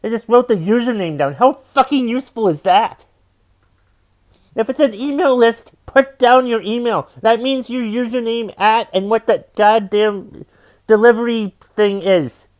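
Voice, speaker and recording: A man's voice: very high voice, a little slow. Profane ranting comedian man. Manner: profane, exasperated ranting with repeated refrains. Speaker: stand-up comedian and podcast host. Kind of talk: comedic rant.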